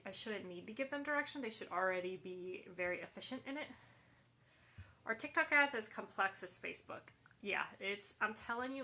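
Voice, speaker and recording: Bright-voiced woman answering live questions. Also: medium pitch. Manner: reads questions aloud then answers, many fillers. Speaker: host answering viewer questions. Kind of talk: casual live Q&A. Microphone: phone livestream.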